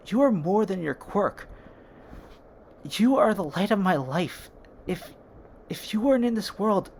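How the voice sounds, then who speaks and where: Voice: mid-range voice, a little hiss or hum, voice pushed up. A fan storyteller voicing an earnest, caring teenage boy who speaks with impassioned reassurance.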